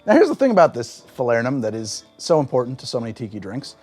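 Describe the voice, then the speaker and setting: A man with a middle-pitched voice hosts a cocktail show and explains a drink's history in a lively, storytelling way. His emphasis rises and falls sharply. He turns quieter and more reflective when he tastes and names the flavors, with faint music under his talk. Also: quick pace, husky. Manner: animated storytelling with big swings in emphasis; tastes and describes aloud in a quieter voice. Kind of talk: conversational explainer.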